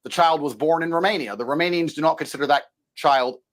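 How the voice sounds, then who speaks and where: A man's voice: on the high side, quick pace. A man arguing as a guest in a TV interview, talking in an assertive, lecturing way. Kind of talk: debating in a TV interview.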